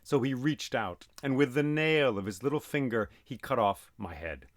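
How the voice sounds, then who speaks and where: A man telling an old myth aloud as host, dramatic and animated, voicing sound effects as he goes. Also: medium pitch, normal speed, dry recording. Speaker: storyteller and podcast host. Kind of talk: oral storytelling of myth.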